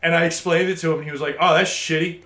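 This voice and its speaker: A man of twenty-two hosting a casual gaming podcast, telling a story as an animated, swearing rant. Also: on the high side, quick pace, roomy sound. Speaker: host. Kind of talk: casual podcast chat over gameplay.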